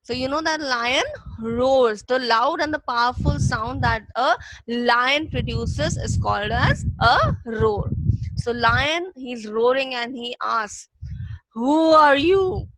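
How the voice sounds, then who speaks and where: A woman's voice: fairly high pitch, slow pace, fairly bright tone, low-quality recording. A woman teacher explaining a lesson patiently, repeating key points for young students. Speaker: English teacher. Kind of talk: classroom reading lesson.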